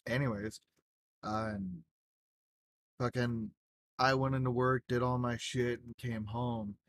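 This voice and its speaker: A man's voice: mid-range voice, flat delivery, slow pace, fairly bright tone, slight background noise. A young man in casual chat, rambling through a story with lots of fillers and swearing. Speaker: gaming group member telling a story.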